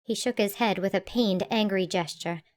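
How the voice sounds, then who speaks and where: A woman narrating an audiobook in a calm, even, measured way. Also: mid-range voice.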